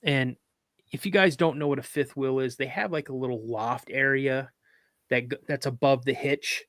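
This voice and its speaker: A man tells a long story in loose, casual talk, stumbling through restarts and fillers as he goes. His voice sits at an ordinary middle pitch. The recording is close and dry, with almost no room sound. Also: normal speed, fairly bright tone, no room sound. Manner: rambling, with many restarts and fillers; acts out other people's lines in a raised voice. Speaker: podcast guest.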